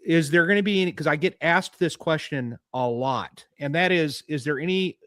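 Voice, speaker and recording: A male podcast host who chats through his questions, backing up often to rephrase them. His voice sits a touch above the usual male pitch and sounds close and dry on the mic. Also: normal speed, a bit bright, no echo. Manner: conversational, frequent short affirmations and rambling questions. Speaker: podcast host, police detective. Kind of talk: casual interview.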